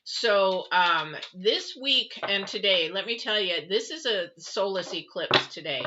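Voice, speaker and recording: A woman's voice: medium pitch, expressive, a little slow, noisy background. A middle-aged woman from the West Coast, giving a chatty, earnest live tarot reading with many fillers and asides. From West Coast of the United States. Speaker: tarot reader. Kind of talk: live-streamed weekly reading. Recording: muffled lo-fi stream audio.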